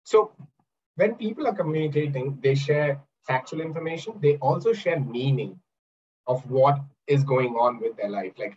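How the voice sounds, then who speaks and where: A man coaching a webinar over a video call has an animated, mid-range voice that's a little mellow, at a moderate pace. The NLP coach and trainer explains by asking questions and acting out examples, and the audio sounds dull.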